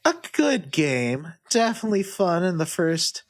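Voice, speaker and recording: Lively man reading reviews on a podcast. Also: fairly high pitch, a little slow. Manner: animated, reads reviews in a lively sing-song way, hums while searching. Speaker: podcast host running a guessing game. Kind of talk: casual podcast chat, reading user reviews aloud.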